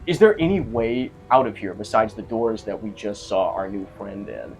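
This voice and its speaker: A man's voice: fairly low pitch, expressive, normal speed, poor audio. A man playing his character in a tabletop game, pushing the group to move. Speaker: player.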